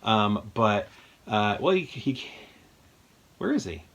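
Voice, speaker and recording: A man with a somewhat low voice talks casually in his home movie room. He rambles and thinks aloud, upbeat and enthusiastic as he walks through his collection. His delivery is loose and conversational. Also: sing-song, slow, fairly bright tone. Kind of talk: casual chat.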